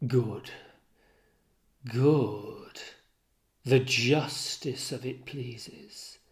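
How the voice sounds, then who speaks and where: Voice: medium pitch, very slow. A tutor reading a jealous raging general. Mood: cold satisfaction. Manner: loud, anguished, swinging from shouts to hush. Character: jealous enraged general, a grown man. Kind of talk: dramatic reading of a play.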